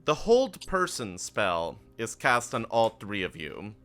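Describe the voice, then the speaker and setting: A male game master narrating a tabletop game in a low, bright, crisp voice. His delivery is relaxed and playful, with a bit of teasing. Faint music plays under him. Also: slow pace. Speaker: game master and show host.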